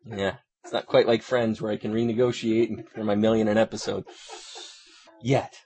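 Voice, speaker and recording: A man's voice: lowish voice, level tone, moderate pace, warm tone, breathy edge. A man voice actor trading dry, wry jokes with his director between takes. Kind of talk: joking banter between takes.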